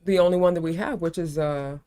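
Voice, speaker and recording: A woman's voice: fairly low pitch, quick pace, warm tone, soft background music. A woman from South Florida with a neutral American accent, hosting a casual live-stream chat, talkative and often laughing. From South Florida, USA. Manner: chatty, laughing, calls people baby. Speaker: livestream host.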